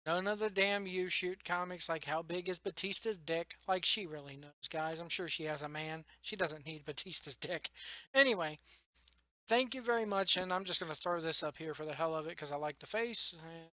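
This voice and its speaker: A young man rambling excitedly about wrestling news in a casual vlog, tired late at night and laughing often. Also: on the high side, normal speed, dry recording. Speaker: wrestling vlogger. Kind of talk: casual solo commentary.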